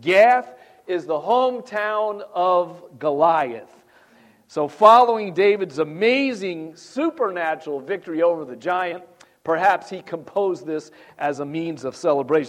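A man preaching a sermon, reading scripture aloud and talking with the congregation in a conversational way. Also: high voice. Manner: conversational, asks the congregation questions; reads scripture aloud with rising emphasis. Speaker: pastor.

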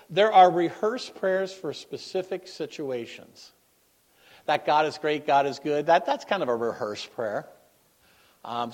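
A middle-aged man giving a sermon in a conversational, anecdotal way, laughing at his own stories and swinging between emphatic bursts and quiet asides. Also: mid-range voice. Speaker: guest preacher.

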